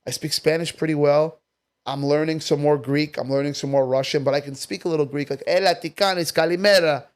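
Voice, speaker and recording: Brash, profane male comedian, voice sits a little high, rambling guest talk. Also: little pitch movement, fairly quick, a little mellow. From Staten Island, New York. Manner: brash, profane, jumps between topics. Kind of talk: casual podcast chat.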